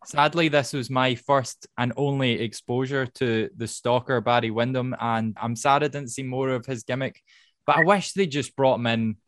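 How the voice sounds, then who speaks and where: A man's voice: mid-range voice, moderate pace, fairly bright tone, no echo. Dry-voiced man hosting a recap podcast. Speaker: podcast host. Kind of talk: casual podcast recap chat.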